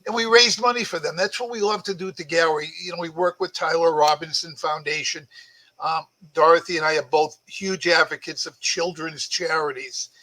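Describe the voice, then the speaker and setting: A man's voice: on the high side, steady tone, fairly quick, pushed and bright, low-quality recording. A man with a Boston accent, a guest artist chatting casually on a podcast about his work. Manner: chatty, storytelling, self-promoting.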